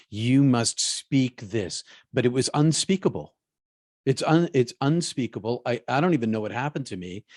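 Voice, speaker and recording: A man, a guest in an interview, telling a personal story in a halting way, often repeating his words. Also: lowish voice, darkish tone, no room sound, clean studio sound.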